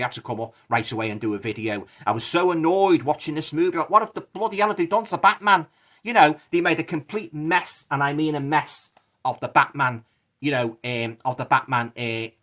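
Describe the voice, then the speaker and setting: Middle-aged man, Liverpool accent, mid-pitched voice, indignant rambling rant for a video review. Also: fairly bright tone. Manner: indignant, rambling, repeats himself, many fillers. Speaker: movie reviewer.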